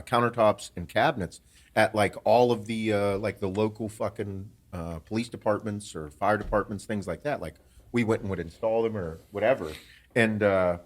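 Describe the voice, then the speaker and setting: A middle-aged man from western Pennsylvania, a podcast host telling a story in casual chat, swearing freely and laughing as he talks. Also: fairly low pitch. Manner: profane, laughs through his stories.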